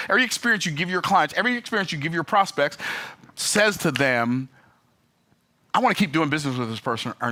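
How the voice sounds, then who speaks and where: A man telling a story and ranting about customer service, emphatic and animated with sudden pitch jumps. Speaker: business vlogger. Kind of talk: opinionated talking-head rant.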